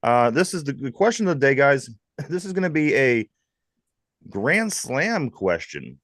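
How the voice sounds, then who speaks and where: A man with a Pittsburgh accent hosting a live sports talk show, lively and jokey, reading trivia questions to his co-hosts. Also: mid-range voice, a little slow, dry recording. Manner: lively, jokey, laughs often. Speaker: host.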